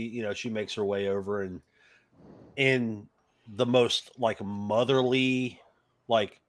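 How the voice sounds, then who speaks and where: Low-voiced, rambling male game master. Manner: rambling, loose, with many fillers. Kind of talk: narrating a tabletop game.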